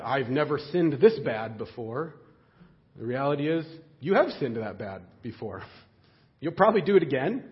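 Male pastor, sermon, lively up-and-down delivery, slightly raised pitch, dull lo-fi sound. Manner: conversational, animated preaching with many fillers.

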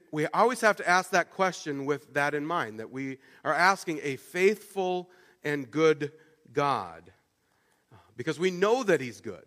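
A man's voice: a little high, sharp tone, in a large hall. A male pastor giving a conversational sermon, often restarting phrases with fillers and repeated words.

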